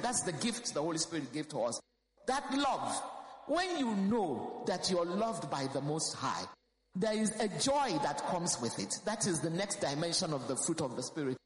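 A woman pastor, preaching a sermon fervently and emphatically, repeating key phrases. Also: lowish voice. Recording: roomy hall with long reverb.

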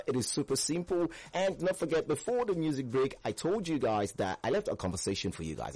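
A man's voice: lowish voice, darkish tone, no echo. A man hosting a playful radio call-in show from the studio, teasing and laughing often.

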